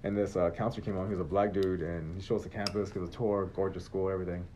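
A man telling his life story in a casual interview, animated and swearing freely. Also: low voice, racing, slight background noise. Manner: animated, swears freely, acts out quoted exchanges. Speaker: guest telling his career story as a chef. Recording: dull, muffled recording.

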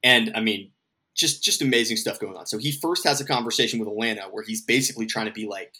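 Bright-voiced man co-hosting a podcast. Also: lowish voice, fast, breathy edge. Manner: rambling, swears freely, acts out quotes. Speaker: podcast co-host. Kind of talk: casual chat.

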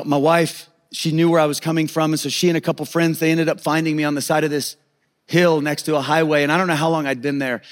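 A middle-aged man preaching with a slightly high voice. He talks in an earnest, confessional way and often stammers and restarts his sentences as he tells his own story. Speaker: pastor. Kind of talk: sermon with personal testimony.

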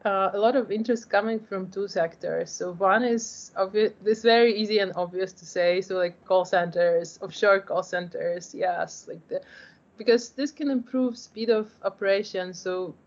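A woman's voice: mid-range voice, moderate pace. Earnest woman explaining her tech. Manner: earnest, explanatory, frequent "like" and restarts. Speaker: startup founder. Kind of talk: interview answers. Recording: dull lo-fi audio.

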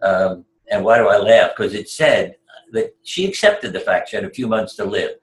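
An older man with a fairly low voice shares anecdotes as an interview guest. His manner is chatty and wry, and he chuckles at his own stories. The sound carries a noticeable room echo. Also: lively intonation, normal speed. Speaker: guest, retired surgeon.

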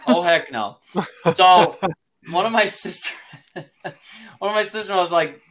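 A man's voice: high voice, slow pace, fairly bright tone. A man in his thirties, a father telling a parenting story in casual chat, laughing often and using lots of fillers.

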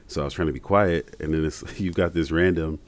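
A man's voice: extremely low pitch, fairly even intonation, fairly quick. A man co-hosting a podcast in casual chat, rambling and laughing often as he tells stories. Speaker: podcast co-host.

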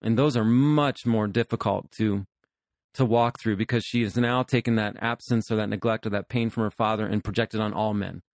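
A man's voice: fairly low pitch, steady tone, moderate pace, no echo, clean studio sound. A man in his fifties, a pastor and therapist hosting a podcast, talking earnestly about counseling couples. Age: 50s. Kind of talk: podcast conversation.

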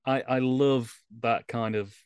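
A man appearing as a guest on a podcast, amused and chuckling, reflecting in a soft, unhurried way. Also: mid-range voice, steady tone, clean tone, dry recording. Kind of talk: casual podcast chat.

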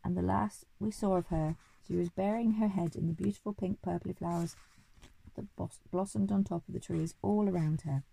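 A woman reading a children's story aloud in a measured, expressive way. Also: fairly low pitch, gravelly, breathy edge, rough recording.

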